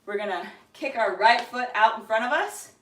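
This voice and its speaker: A woman fitness coach leading a live workout class, energetic and encouraging, a little out of breath as she calls out cues and counts down. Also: a little high, moderate pace, roomy sound, rough recording. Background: workout music.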